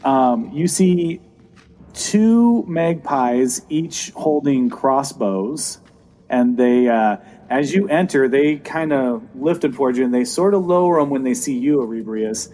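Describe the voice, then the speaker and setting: A man runs a tabletop game as dungeon master, setting scenes with loose fillers and pauses. His mid-pitched voice is dark and mellow. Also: expressive, low-quality recording. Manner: describes scenes with fillers, drops to a low voice for villains.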